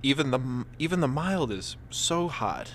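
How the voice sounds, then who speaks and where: A man's voice: medium pitch, big pitch swings, moderate pace, fairly bright tone, a little hiss or hum. A man co-hosting a casual lunchtime podcast in an office, talking with his mouth full and rambling with many fillers. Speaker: podcast co-host. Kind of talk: casual chat while eating lunch.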